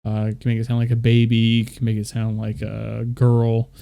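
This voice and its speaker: A man's voice: mid-range voice, completely flat delivery, moderate pace, gravelly, dark tone, smooth. A young man casually walking viewers through his microphone settings, loose and rambling with fillers. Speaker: streamer explaining audio setup. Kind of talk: casual screen-share tutorial.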